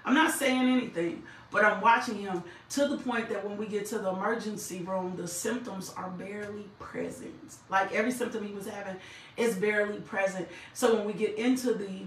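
A woman's voice: medium pitch, fairly even intonation, normal speed, slight background noise. Woman minister, impassioned testimony and prayer, repeats lines for emphasis, heard at a distance in a reverberant room. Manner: fervent, repeats phrases for emphasis. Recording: echoey room, mic at a distance.

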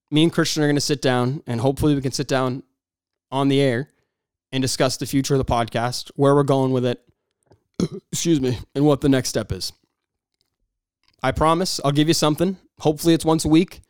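A man's voice: on the high side, clear, resonant tone, dry recording, clean studio sound. A man hosting a podcast, talking in a blunt, profane casual monologue. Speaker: podcast host.

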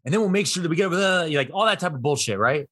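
Animated, husky-voiced comic man. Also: racing, no room sound, clean studio sound. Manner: animated storytelling, jumps into high voices for bits. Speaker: podcast co-host. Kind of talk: casual comedic podcast chat.

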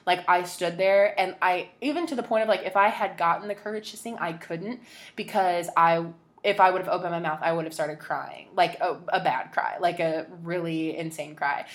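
Young woman, podcast host, slightly low voice, rambling personal story, emotional, lots of "like". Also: steady tone, moderate pace. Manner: rambling, emotional, heavy use of "like".

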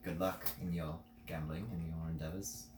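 A man doing Ghost, a shaky Australian dark elf. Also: sits low, little pitch movement, moderate pace, far from the mic, close to an everyday voice. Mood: offhand. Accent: put-on Australian, wavering. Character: tall dark male elf, guarded stranger. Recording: echoey noisy room.

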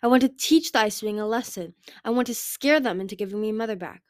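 A woman's voice: medium pitch, fast, no echo, natural voice. A brooding young male dragon speaks from a storybook in an earnest, pleading way. He sounds intense but troubled, as a woman reading aloud voices him. The recording is dry and close.

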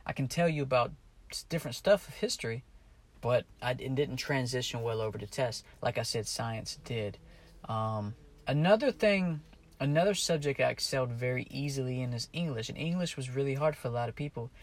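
A man's voice: mid-range voice, expressive, fairly quick. A man from Maryland talking casually to camera while driving his car, meandering and correcting himself as he goes. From Maryland, USA. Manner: chatty, meandering, self-correcting, apologizes for cussing. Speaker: vlogger. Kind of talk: casual rambling monologue.

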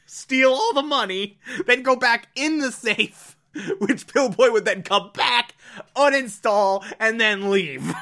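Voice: medium pitch, bright, forceful tone. A person casually recapping a show, gushing and breaking into laughter between sentences. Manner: amused, gushing.

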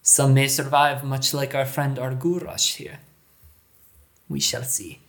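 A man voicing a large gray male tribal leader who speaks in a formal, slow, threatening way. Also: medium pitch, level tone, fairly bright tone. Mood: menacing. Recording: echoey room.

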